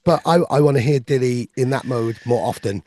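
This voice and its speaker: A man's voice: medium pitch, a little fast, mellow, no room sound, soft background music. A man with a Welsh accent interviewing a musician, enthusiastic and full of praise. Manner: enthusiastic, praising, reads from notes. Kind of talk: casual interview.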